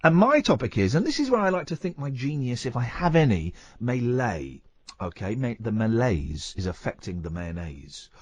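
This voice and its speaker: A man's voice: mid-range voice, very animated, dry recording. A man hosting a radio show, chatting casually and teasing his co-host. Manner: playful, teasing, quick to joke.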